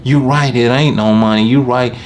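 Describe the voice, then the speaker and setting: A man's voice: medium pitch, steady tone, moderate pace, a little hiss or hum, pitched above the performer's own voice, close to an everyday voice. A man voicing a grudging female customer who haggles over pay, quoting her in a raised voice.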